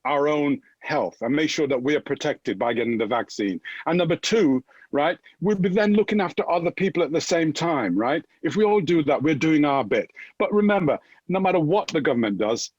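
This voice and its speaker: A man's voice: on the high side, a little fast, few pauses, husky, dry recording, highs cut off. A man from Jamaica with a Jamaican accent, chatting as an upbeat fitness guest and often tagging his points with "right?". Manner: energetic, keeps tagging "right?". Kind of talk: upbeat motivational chat.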